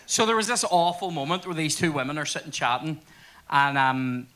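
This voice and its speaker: A man's voice: on the high side, lively intonation, fairly quick, sharp tone. A man telling crude stories at a live podcast on stage. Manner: crude storytelling with sweary asides. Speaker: podcast host. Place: theatre stage before audience.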